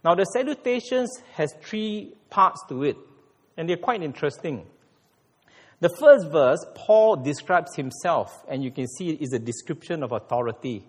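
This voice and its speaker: A man preaches. His voice sits a little high and swings widely, jumping up to hit his key points. The sound carries the long reverb of a church hall. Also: moderate pace, slightly rough. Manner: animated preaching with sudden emphatic rises. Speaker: pastor. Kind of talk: sermon.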